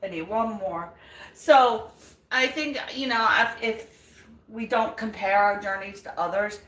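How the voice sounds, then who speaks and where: A woman's voice: medium pitch, measured pace, fairly bright tone, distant mic. An older woman hosting a live vlog, chatting and encouraging viewers as she cooks in her home kitchen. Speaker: vlog host. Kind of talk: live chat while cooking. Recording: echoey room, away from mic.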